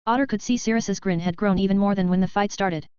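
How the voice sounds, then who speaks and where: A woman's voice: medium pitch, fast, darkish tone, clear, resonant tone, dry recording, lo-fi sound. A woman giving a scripted novel narration, reading evenly and steadily. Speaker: audiobook narrator.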